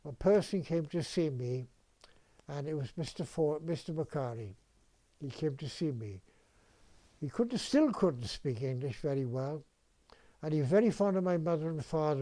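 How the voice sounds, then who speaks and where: A man in his nineties tells old stories in a rambling, halting way, often restarting and clearing his throat. His voice is mellow and warm, sitting slightly high for a man. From Wales. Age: 90s. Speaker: interviewee, retired dentist. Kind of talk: reminiscing storytelling.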